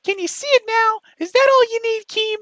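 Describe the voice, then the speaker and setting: Squeaky whiny young dude, nagging the same questions over and over, bright and tight sound, dry close mic. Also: male voice, fairly quick, no room sound, poor audio. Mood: shrill ranting. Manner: nagging, repetitive, shrill questioning. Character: whiny, self-pitying young man berating a rival. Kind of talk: mocking impression in a commentary video.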